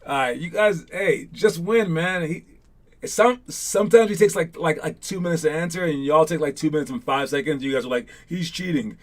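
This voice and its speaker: A slightly high-voiced man leads a casual live online basketball session, talking loosely and filling gaps with ums and "dude"s. He rambles between tips and gets excitable while teasing his players. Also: moderate pace. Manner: chatty and rambling, many fillers and "dude"s. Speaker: basketball coach.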